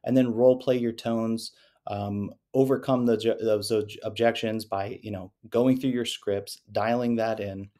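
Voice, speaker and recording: Slow-paced and dark-toned, a man's lowish voice holds fairly even intonation as he coaches salespeople casually to camera. He talks conversationally and keeps tagging on "right?" and "you know."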